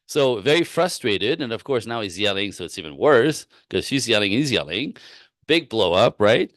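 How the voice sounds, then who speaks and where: A man working as a relationship coach, giving advice in a live-stream Q&A with animated, rambling storytelling and frequent laughs. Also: lowish voice, moderate pace, dry recording, clean studio sound.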